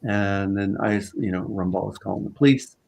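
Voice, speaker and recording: A man with a low, gravelly voice tells a story as a guest in a relaxed conversation. He speaks in halting, unpolished phrases, circling back with "uh" and restarts as he finds his words. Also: rough recording. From Southern Vancouver Island, Canada. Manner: halting, many fillers and restarts.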